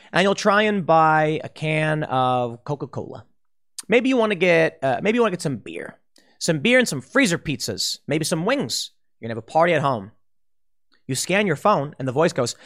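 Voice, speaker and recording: A man's voice: on the high side, fairly bright tone. A man giving an emphatic opinion commentary, warning listeners and sketching scenarios. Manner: emphatic, warning, speculative, with restarts. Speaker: political commentator.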